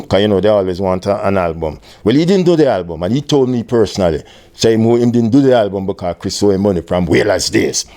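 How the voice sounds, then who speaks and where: An older Jamaican man telling an animated story in an interview, with patois phrasing, acting out other people's voices. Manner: animated storyteller, acts out quoted voices at high pitch. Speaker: interviewee, music tour manager.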